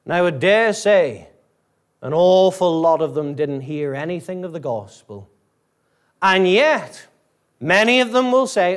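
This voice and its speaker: High-voiced man preaching emphatically. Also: animated, measured pace. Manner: earnest, emphatic preaching with rhetorical questions; mimics a self-righteous listener's objections. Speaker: pastor. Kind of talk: sermon.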